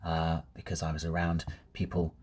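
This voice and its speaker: A man's voice: extremely low pitch, completely flat delivery, normal speed, darkish tone, slightly rough. A man with a Received Pronunciation accent, from England, rambling casually and reflectively with lots of ums and uhs. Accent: English Received Pronunciation. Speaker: vlogger. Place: outdoors on a dog walk.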